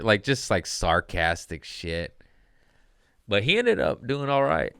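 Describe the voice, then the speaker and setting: Low-voiced profane comedian host. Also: male voice, animated, moderate pace, a bit bright, smooth, dry recording, studio quality. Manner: profane, rambling and wry. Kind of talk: casual storytelling monologue.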